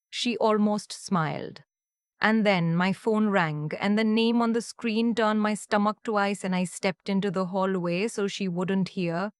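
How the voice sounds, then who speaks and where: A woman narrates a first-person story from a script. She keeps it calm, measured and understated. The recording is close and dry. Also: medium pitch, no room sound. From Canada (Ontario).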